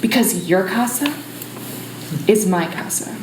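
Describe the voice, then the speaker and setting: A woman's voice: medium pitch, unhurried, echoey room, very noisy, voice pushed down, lightly acted. A woman playing a sassy, bossy personified disorder in a solo stage show, talking in brash slang. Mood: defiant. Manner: peppy, valley-girl slang, brash.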